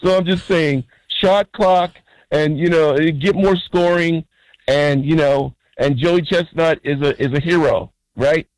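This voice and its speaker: Male radio caller, slightly high voice, dry sound, rambling, restarts often. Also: unhurried, no room sound, poor audio. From California. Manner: rambling, full of fillers and restarts, keeps asking "right?". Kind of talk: phone-in call.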